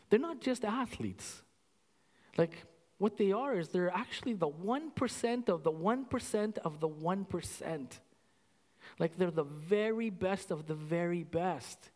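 A man from Canada preaching a casual, animated sermon to his congregation, repeating himself and saying "like" often. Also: high-pitched, long reverb tail. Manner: animated, conversational, repeats phrases with many "like"s. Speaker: pastor.

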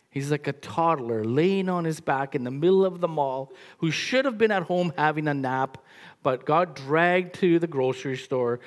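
A pastor delivers a sermon in a loose, chatty way, full of "like" fillers and quick restarts. The pitch swings widely from phrase to phrase. The delivery stays animated and informal throughout.

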